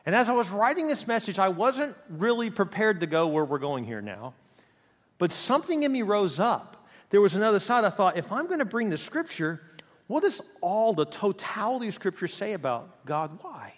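A man preaching a sermon in an animated, storytelling way, recorded in a church sanctuary. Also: sits high, normal speed. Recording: long hall reverb.

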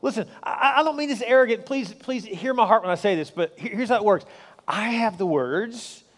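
High-voiced pastor preaching in a hall. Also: male voice, fairly quick. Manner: emphatic, repeats points, rises to excited encouragement. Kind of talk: sermon. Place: large church hall with long reverb. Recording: hall reverb.

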